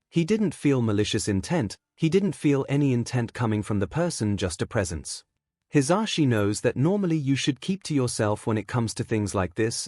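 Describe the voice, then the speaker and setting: A man reading a fan-fiction story aloud as a narrator, in a measured storytelling way. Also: mid-range voice, darkish tone, no room sound, clean studio sound.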